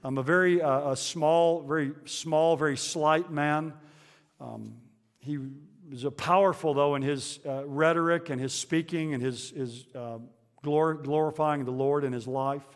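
Guy preaching a sermon, lots of uh's and restarts, slightly high voice, echo hanging in the church. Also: steady tone, measured pace. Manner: conversational preaching with frequent fillers and restarts. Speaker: pastor.

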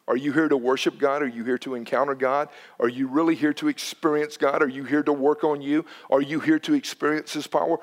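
A man preaching a sermon to his congregation, animated and shifting between loud emphasis and hushed tones. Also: mid-range voice, a little fast. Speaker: pastor. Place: church sanctuary.

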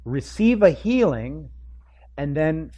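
A middle-aged man preaching a sermon, acting out the people in the story in quick joking asides. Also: a little high, very animated, mellow. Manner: acts out the crowd and figures in quick asides, joking. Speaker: pastor. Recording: dull lo-fi sound.

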